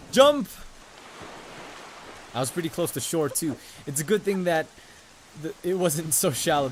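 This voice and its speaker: A man's voice: mid-range voice, a little hiss or hum. A man hosting a let's play, chatting and joking in a rambling way over his gameplay, on a condenser mic. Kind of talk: game commentary. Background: game music.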